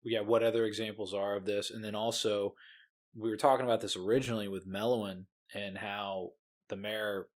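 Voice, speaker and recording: A man's voice: fairly low pitch, level tone, fairly quick. A man co-hosting a podcast, chatting casually about a book, laid-back and hesitant, often searching for words. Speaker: podcast co-host.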